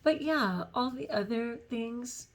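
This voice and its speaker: A woman's voice: fairly high pitch, lively intonation, slow pace. A middle-aged woman talking through a personal vlog in a chatty, self-deprecating and earnest way, often laughing between thoughts. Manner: earnest, faith-filled reflection. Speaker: vlogger.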